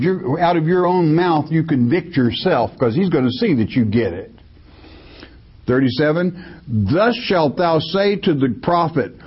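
A man delivers a sermon in a husky, slightly high voice. He reads scripture verses and then breaks them down in plain, folksy talk. The recording sounds dull and lo-fi. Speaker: preacher.

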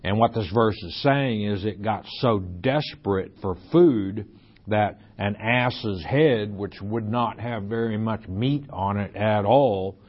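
A man reads Scripture and unpacks it verse by verse in a Bible lecture, taking his time with deliberate explanatory asides. His voice sits a little low and his pace is very unhurried. The recording sounds muffled and lo-fi. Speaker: Bible teacher. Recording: dull lo-fi recording.

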